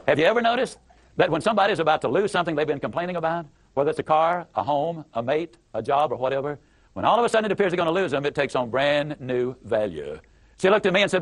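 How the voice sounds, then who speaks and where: A man delivering a motivational story to a crowd in a folksy, emphatic manner. His voice sits high for a man, and he talks quickly, stacking up repeated words for emphasis. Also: lively intonation, fairly bright tone. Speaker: motivational speaker.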